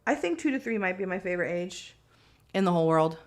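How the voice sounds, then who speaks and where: Mom in her 30s, lowish voice, super candid and animated, laughs at herself a lot. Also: normal speed. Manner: animated, candid, self-mocking storyteller with big pitch swings. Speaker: guest, mother of three. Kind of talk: candid podcast conversation.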